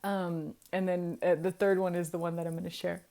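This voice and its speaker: A woman in her forties telling a story casually to her viewers, animated and laughing often, dropping to a hush and then getting loud. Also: lowish voice, a little fast, gravelly. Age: 40s. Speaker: vlogger.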